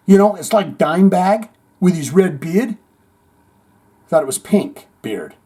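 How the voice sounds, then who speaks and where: A high-voiced man with a husky, mellow tone hosts a comedic news podcast. His delivery swings all over the place as he reads stories aloud and tosses in playful, jokey asides. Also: animated, a little slow, long pauses. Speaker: podcast host.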